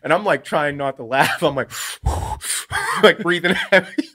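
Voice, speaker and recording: A man co-hosting a podcast, telling a lively family story with lots of swearing and laughter. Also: a little high, brisk. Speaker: podcast co-host. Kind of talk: casual storytelling.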